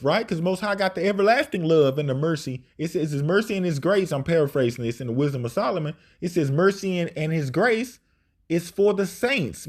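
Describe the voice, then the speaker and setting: Male preacher, casual scripture-teaching delivery, slightly raised pitch, repetitive tag questions. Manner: informal, repetitive "right?" tag questions, reads verses aloud. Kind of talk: scripture study sermon.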